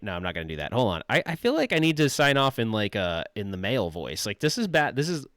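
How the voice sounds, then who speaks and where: A man's voice: fairly low pitch, wildly swooping pitch, fast talker, noisy background. Rambling, laughing male streamer. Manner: laughing, self-deprecating, rambling. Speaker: livestream host. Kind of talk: casual livestream chat.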